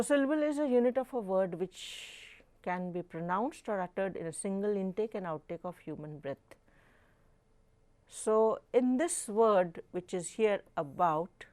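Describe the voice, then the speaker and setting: A woman professor with an Indian English accent teaches very slowly and carefully, at a middle pitch. She repeats each definition and leans hard on single words to show where the stress falls. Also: mellow. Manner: emphatic, stresses words to demonstrate pronunciation. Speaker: professor teaching a live online course. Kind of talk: slow, deliberate lecture with repeated definitions.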